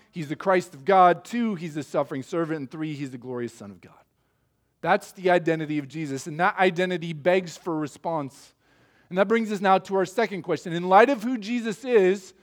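A male pastor preaching a sermon in an emphatic, measured way, asking rhetorical questions. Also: high voice.

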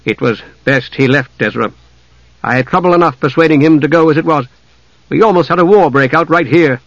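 A man's voice: on the high side, brisk, a bit bright, no echo, muffled recording. A man reading an audiobook, voicing a weary, worried leader who urges and mutters. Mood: steady. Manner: urging, muttering.

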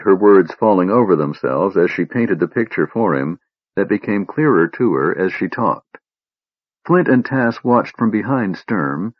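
A man narrating a fantasy audiobook with animated storytelling. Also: deep voice, husky, no echo. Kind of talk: scripted narration. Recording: dull dry lo-fi recording.

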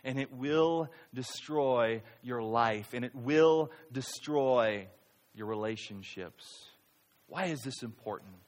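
Preaching man in a reverberant hall. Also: takes it slowly. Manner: swings between loud high-pitched outbursts and quiet low delivery. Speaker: pastor. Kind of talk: sermon.

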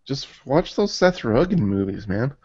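A man's voice: mid-range voice, very animated, a little slow, a little mellow, a little hiss or hum. A man co-hosting a casual chat about comedy films, easygoing, swearing freely and laughing often. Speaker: podcast co-host. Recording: dry, dull lo-fi audio.

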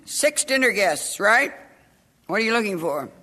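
A woman's voice: medium pitch, very animated, unhurried, sharp tone, heavily acted. An actress playing an imperious, cutting middle-aged woman in a radio drama. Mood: mocking. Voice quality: sarcastic, cutting.

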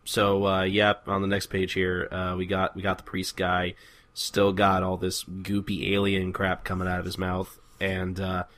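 A man hosting a laid-back podcast chat, moving through the pages with lots of "uh". His voice is fairly low but bright and forceful. He quotes the characters loosely as he goes. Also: unhurried. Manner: relaxed, filler-heavy, chuckles along. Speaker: podcast host. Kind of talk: casual manga discussion.

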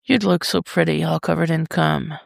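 A reader voicing a dominant adult male lover who murmurs low and darkly, then soothes. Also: fairly even intonation, moderate pace, creaky, no echo, studio quality.

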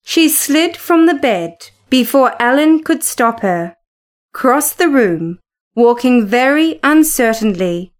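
A woman reading a novel aloud in a measured, expressive narration. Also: high-pitched. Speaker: audiobook narrator. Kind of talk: scripted narration.

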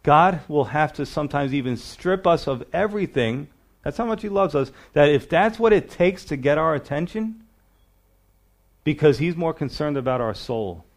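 A man's voice: a little high, lively intonation, normal speed. A middle-aged male pastor teaching a sermon verse by verse, reading scripture aloud and asking his listeners rhetorical questions in a conversational preaching manner.

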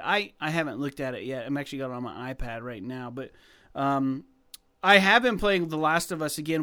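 A man co-hosting a podcast, talking casually and excitedly about games with lots of fillers. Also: fairly high pitch, smooth. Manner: rambling, filler-heavy, excitable. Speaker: podcast co-host. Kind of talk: casual gaming chat.

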